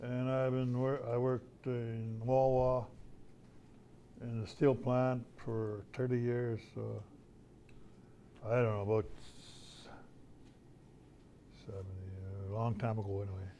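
A man's voice: medium pitch, little pitch movement, slow, long pauses, dark tone, lo-fi sound, slight background noise. An older man, an artist talking casually to schoolchildren in a folksy, storytelling way, often repeating his phrases. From Canada. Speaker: visiting artist.

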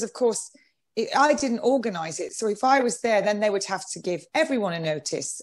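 A woman being interviewed, talking in an animated, exasperated and sarcastic way. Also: on the high side. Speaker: interview guest. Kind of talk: political interview.

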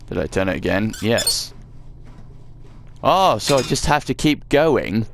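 A man's voice: fairly low pitch, sing-song, unhurried, vocal fry, a little hiss or hum. A man chatting self-mockingly as he plays through a game, swearing now and then. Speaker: let's play gamer. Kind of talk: casual gameplay commentary.

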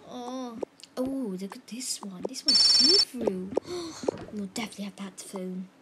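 A woman voicing a bossy, dismissive rich mother in a toy role-play, speaking hushed and half-whispered. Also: fairly high pitch, moderate pace, very noisy, voice pushed down, close to an everyday voice.

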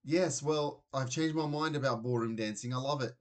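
A man's voice: mid-range voice, moderate pace, close to an everyday voice. A man voicing a flustered young boy caught in a fib, in a children's storybook reading. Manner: hesitant, flustered.

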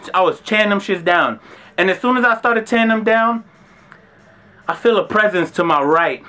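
New York guy in his twenties, slangy storyteller, bright and forceful voice. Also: fairly high pitch. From Brooklyn, New York. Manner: animated, slangy and profane. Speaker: vlogger. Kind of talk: casual storytelling.

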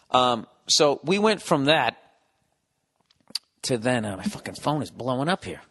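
A man's voice: medium pitch, lively intonation, normal speed, fairly bright tone. A man hosting his podcast alone, ranting sarcastically and with lots of swearing, breaking into mocking impressions. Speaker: podcast host. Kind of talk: solo rambling podcast monologue.

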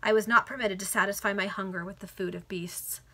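A woman's voice: mid-range voice, fairly even intonation, a little fast, bright, forceful tone. A woman earnestly reading a Victorian novel aloud to friends over a video call, now and then correcting a slip. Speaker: reader.

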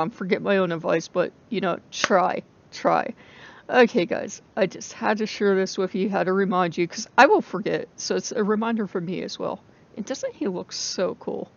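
A woman's voice: mid-range voice, lively intonation, moderate pace. A woman who runs a pagan vlog, chatting casually and rambling as she talks to her viewers, with frequent laughs. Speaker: pagan vlogger. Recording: dull lo-fi recording.

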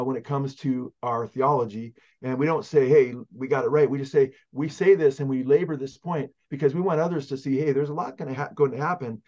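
A pastor from California speaks as a guest, teaching in a fervent, halting way with many fillers. His mid-pitched voice comes through a muffled, lo-fi connection. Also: a little mellow. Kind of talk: conversational teaching on prophecy.

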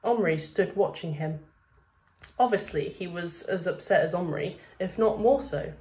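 A woman's voice: on the low side, unhurried, dark tone. Woman teacher reading a story. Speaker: primary school teacher. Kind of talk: reading a children's novel aloud.

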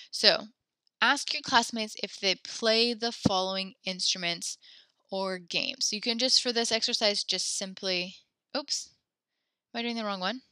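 A woman teaching a French class, giving brisk instructions that mix English and French and often correct herself mid-sentence. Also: mid-range voice, bright, forceful tone, dry recording.

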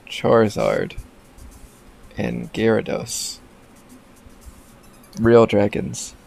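A man's voice: lowish voice, sing-song, extremely slow, vocal fry, pauses often, darkish tone. A man hosting a casual let's play, joking and rambling with frequent restarts as he comments on the game. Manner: joking, rambling, self-interrupting. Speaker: gaming channel host.

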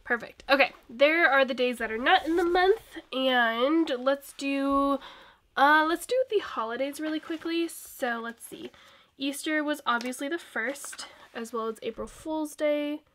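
A woman's voice: sits high, measured pace, a bit bright. A young woman with a cold, chatting casually and rambling as she decorates her planner, laughing often. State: sick with a cold. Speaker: planner vlogger. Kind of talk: casual plan-with-me chat.

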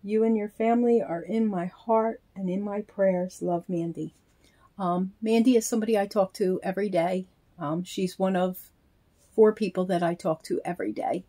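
A woman casually talking through opening a package in a chatty, halting way, counting things aloud. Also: medium pitch, steady tone, warm tone. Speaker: reborn doll vlogger. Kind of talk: casual unboxing vlog.

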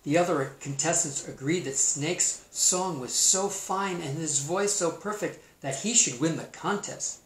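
Male teacher reading a storybook aloud, slow and playful with asides, in a roomy room. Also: on the high side, a little hiss or hum. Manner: playful, expressive, comments on the story. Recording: roomy echo.

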